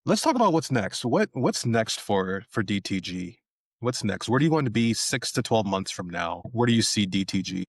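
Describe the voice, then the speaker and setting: A man hosting an interview, affirming the guest and asking questions with some halting restarts. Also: lowish voice, very animated, husky, no room sound, studio quality. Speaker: podcast host.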